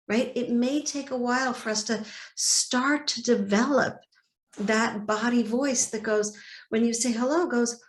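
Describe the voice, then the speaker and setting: A woman coach talks with a fairly high, animated voice. She keeps acting out little inner dialogues as she explains. The room around her sounds echoey. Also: unhurried. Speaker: guest, body-peace coach. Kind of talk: interview conversation.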